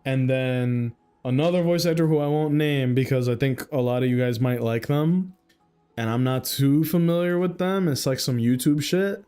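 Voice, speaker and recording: A man's voice: mid-range voice, normal speed, dark tone, clean tone, soft background music. A young man ranting casually on a livestream, slangy and laughing often.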